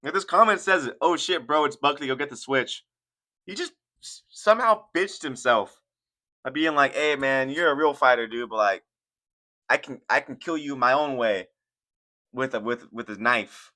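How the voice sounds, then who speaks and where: A man's voice: medium pitch, moderate pace, sharp tone. A young man hosting casual, profane reaction commentary on fight sports, rambling and laughing as he goes. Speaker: commentary channel host.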